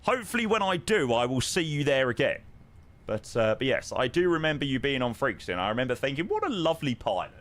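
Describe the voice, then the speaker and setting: A man's voice: mid-range voice, sing-song, brisk, a bit bright. A man chatting casually on a live stream, answering viewers with plenty of ums and friendly "mate"s. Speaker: live streamer flying a flight simulator.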